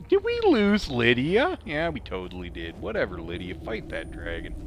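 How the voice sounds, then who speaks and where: A man's voice: mid-range voice, huge pitch swings, unhurried, fairly bright tone, a little hiss or hum. A man with a drawling Idaho accent chatting loosely as he plays a game, rambling and laughing often with a snarky, self-mocking tone. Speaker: gamer commentating his play. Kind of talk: casual gameplay commentary with storytelling.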